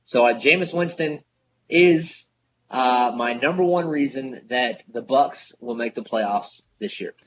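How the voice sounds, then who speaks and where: A man's voice: mid-range voice, measured pace. A man guesting on a sports podcast, enthusiastic and agreeable, with some stumbles. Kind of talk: casual sports podcast chat. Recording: dull remote line with faint hiss.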